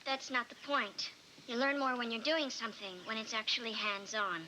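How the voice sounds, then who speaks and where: An actress playing a strict biology teacher with a brisk, stern manner. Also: female voice, fairly high pitch, fairly even intonation, sharp tone, rough recording. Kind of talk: 1990s sitcom acting. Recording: hissy TV recording.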